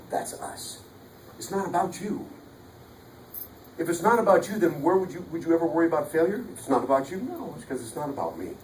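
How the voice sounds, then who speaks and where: This motivational speaker has a mid-range voice with a darkish tone, heard with slight background noise. He delivers a punchy, jokey sales talk like a preacher to a live audience, recorded far away in an echoey hall.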